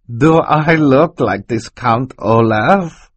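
A man's voice: medium pitch, slow, husky, dry recording, pitched above the performer's own voice. A man reading an audiobook voices a scheming, menacing villain in disguise who speaks in an oily, mocking way. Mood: sly.

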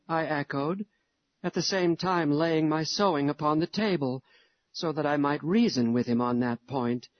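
A reader narrating an old-fashioned story slowly and gently, in the first person as a mother. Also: medium pitch, no echo, muffled recording. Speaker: audiobook reader.

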